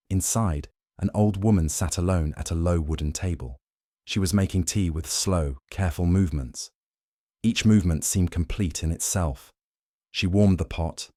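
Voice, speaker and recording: A man giving calm, slow, soothing scripted narration of a bedtime story, close to the mic. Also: deep voice, no room sound.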